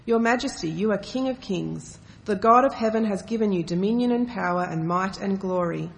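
A woman reads a scripture passage aloud at a steady, measured pace. Her voice sits at a middle pitch and sounds even and plain. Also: gravelly. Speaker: scripture reader.

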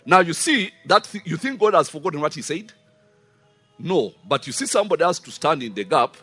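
A man's voice: fairly high pitch, brisk, breathy edge, no echo, soft background music. A man preaching a sermon, emphatic and full of rhetorical questions. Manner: animated, rising and falling emphasis with rhetorical questions.

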